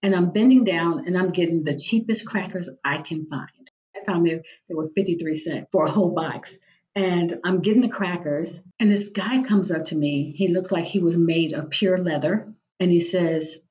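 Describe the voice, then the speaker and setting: Lower-voiced woman telling vivid personal stories. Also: normal speed, a little mellow, slight background noise. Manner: vivid storyteller who acts out quoted voices. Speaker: guest, executive director of a nonprofit. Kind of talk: personal faith storytelling.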